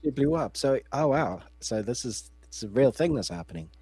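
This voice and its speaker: Husky man with lively, quick quips. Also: mid-range voice, no echo, soft background music. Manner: quick agreeing interjections and dry quips. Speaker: podcast co-host. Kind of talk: casual live-stream chat.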